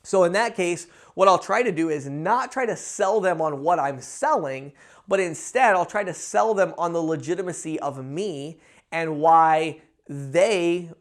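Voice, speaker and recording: A man teaching cold-calling techniques to camera, talking casually and acting out quick sales lines with energy. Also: a little high. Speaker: sales trainer. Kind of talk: instructional talk to camera.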